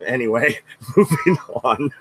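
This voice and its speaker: A young adult co-host talks bluntly and swears freely while debating and reading chat questions aloud. The voice sits at a middle pitch. Faint noise runs underneath. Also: lively intonation, a little slow. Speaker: co-host of a history stream.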